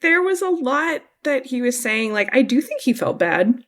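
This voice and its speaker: A woman's voice: high voice, big pitch swings, moderate pace, a bit bright. A woman co-hosting a podcast, chatting casually and earnestly about a TV episode, thinking aloud as she goes. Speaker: podcast co-host. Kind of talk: casual TV review chat.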